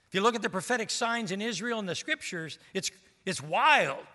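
A man's voice: sits high, expressive, normal speed, sharp tone. A man preaching a sermon as pastor, with rising emphasis and rhetorical questions to the congregation. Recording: reverberant hall.

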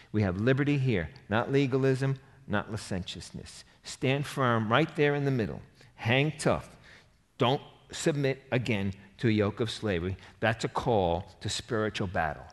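A man preaching a sermon, animated and emphatic, rising to forceful bursts. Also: lowish voice. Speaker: pastor. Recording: reverberant hall.

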